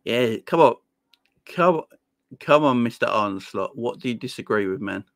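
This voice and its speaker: A man's voice: medium pitch, expressive, normal speed, vocal fry, no echo. A man hosting a casual live chat, reading viewer comments aloud, laughing often and calling people "my friend.". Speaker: livestream host.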